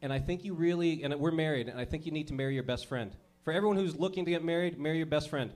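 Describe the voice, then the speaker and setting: A man's voice: on the high side, rapid-fire, darkish tone. A man in his thirties doing profane stand-up comedy, working the crowd and laughing at his own jokes.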